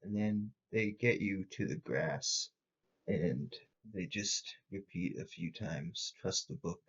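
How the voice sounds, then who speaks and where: A man running a tabletop horror game as host and game master, narrating with deliberate pauses. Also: deep voice, a bit bright, slightly rough, muffled recording.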